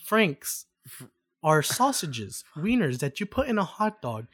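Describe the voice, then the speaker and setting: A man's voice: a little high, takes it slowly, breathy edge. A man co-hosting a podcast in casual, joking chat, arguing with his friends. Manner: animated, joking, argues loudly. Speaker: podcast co-host.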